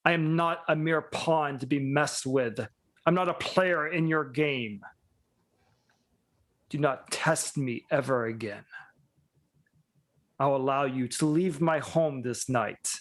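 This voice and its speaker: A man's voice: a little high, takes it slowly, long pauses, fairly bright tone. A man voicing a stern baron who delivers cold, commanding threats. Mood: threatening. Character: stern, menacing baron, middle-aged man.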